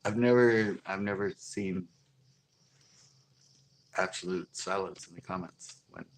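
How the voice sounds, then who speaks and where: A middle-aged man hosting a fishing channel, telling a long story in a rambling, animated way full of fillers. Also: low-pitched, measured pace, a little hiss or hum. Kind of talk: casual livestream storytelling.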